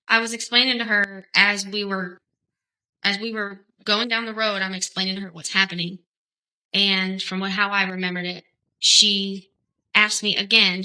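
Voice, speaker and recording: Bright-voiced woman testifying in court. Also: mid-range voice, level tone, rough recording. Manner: hesitant, halting answers. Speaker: defendant testifying.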